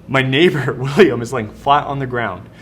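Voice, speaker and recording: A young man preaching a youth sermon, telling stories in an animated, casual, slangy way. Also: mid-range voice, normal speed, slightly rough. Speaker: youth pastor. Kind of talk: youth sermon with personal storytelling.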